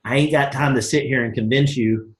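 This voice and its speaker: A man leading a live motivational coaching call, energetic and acting out both sides of sample conversations. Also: mid-range voice, brisk, roomy sound. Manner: energetic, folksy, acts out both sides of dialogues. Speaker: network marketing team leader.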